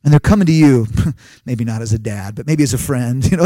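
A man in his thirties, a pastor preaching a lively sermon full of stories and quoted dialogue. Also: mid-range voice, brisk, no room sound. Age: 30s. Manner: animated storytelling with laughs and acted quotes. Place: live talk at a family camp.

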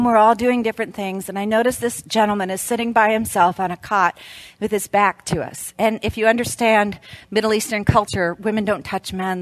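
Lady preaching, tells stories then goes soft and hushed praying, dry close sound. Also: mid-range voice, no echo. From United States. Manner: earnest, storytelling, dropping to a soft hush in prayer. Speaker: speaker at a women's Christmas event. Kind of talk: sermon with storytelling and prayer. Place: event venue.

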